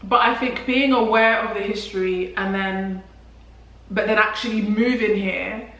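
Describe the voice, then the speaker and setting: A woman's voice: mid-range voice, fairly even intonation, measured pace, a bit bright. A young woman from London with a London English accent, chatting casually to her viewers with lots of "like" fillers and restarts. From England. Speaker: vlogger. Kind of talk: casual chat to camera. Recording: very echoey room.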